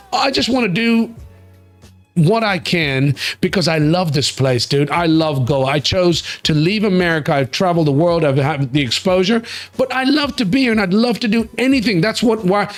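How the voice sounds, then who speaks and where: A man's voice: sits high, a little fast, faint music behind. A man hosting a casual panel talk show, blunt and joking, swearing casually. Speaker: podcast host.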